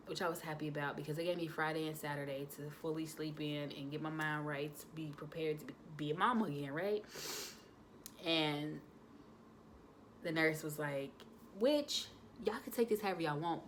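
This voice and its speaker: A young adult woman, chatting casually to her viewers, animated with lots of fillers. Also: sits low, fairly quick, a little hiss or hum. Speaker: vlogger, new mother.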